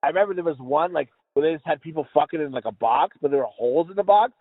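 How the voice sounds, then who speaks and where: A man's voice: fairly high pitch, animated, fast talker, no room sound. A man co-hosting a podcast, rambling through crude jokes and laughing often. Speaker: podcast co-host. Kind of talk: crude casual banter. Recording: tinny phone-like sound.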